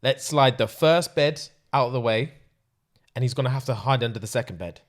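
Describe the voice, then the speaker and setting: A man, hosting a podcast and telling an animated story, laughing often and acting out what others said. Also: mid-range voice, fairly quick. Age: 20s. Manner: excitable, laughing often, acts out quotes. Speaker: podcast host.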